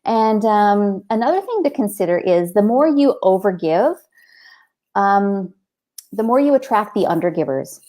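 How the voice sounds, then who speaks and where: A middle-aged woman coaching her viewers in a casual live stream. She talks in a chatty, storytelling way and keeps checking in with "right?". Her pitch sits in the middle for a woman. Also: big pitch swings, a little slow, warm tone. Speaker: coach hosting a live show.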